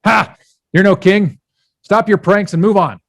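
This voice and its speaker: Man doing a gruff scornful farmer. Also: high voice, measured pace, fairly bright tone, no room sound, studio quality, voice pushed up, full character voice. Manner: brusque, scornful. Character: gruff suspicious farmer man behind a door.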